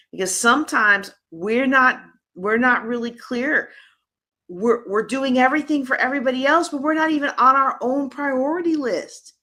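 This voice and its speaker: A woman with a fairly high voice hosts a live conference workshop, chatting energetically and directly with the people in front of her.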